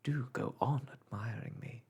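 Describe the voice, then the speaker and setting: Whispered role-play, reader doing a self-pleased storybook baby, hushed and husky. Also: medium pitch, unhurried, heavily acted. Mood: soft. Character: vain newborn baby girl.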